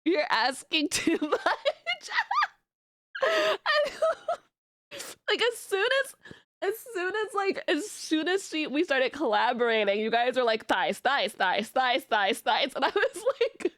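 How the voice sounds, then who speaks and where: A woman VTuber chatting casually to her stream, with a low, deep voice for a woman, giggling often and rambling through repeated restarts. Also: sing-song, slow, a bit bright, dry recording, clean studio sound. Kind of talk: casual livestream chat.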